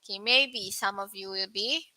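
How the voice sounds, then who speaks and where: A young woman teaching an online English pronunciation lesson, asking viewers questions and repeating words slowly. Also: medium pitch, pushed and bright, no room sound, rough recording. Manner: slow, repetitive, questions to viewers.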